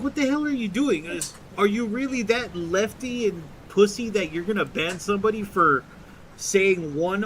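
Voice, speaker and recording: Young male streamer, high voice, profane rambling rant, faint rumble behind. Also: a bit bright. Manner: profane, rambling, restarts and mocking quotes. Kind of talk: casual ranting commentary.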